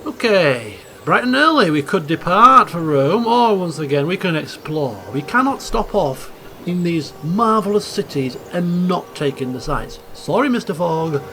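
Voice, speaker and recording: A man hosting a let's play, reading game text aloud with theatrical, chuckling commentary and hushed asides. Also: sits high, big pitch swings, unhurried, a little hiss or hum. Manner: theatrical, chuckling, swings between hushed asides and loud exclaims.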